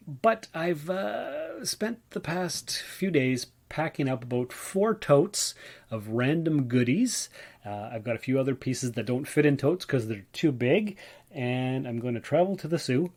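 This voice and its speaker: A man's voice: medium pitch, big pitch swings, a little slow, darkish tone. A man from Ontario, Canada, tired and yawning, talking through a casual solo podcast in a chatty, rambling way full of fillers. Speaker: podcast host.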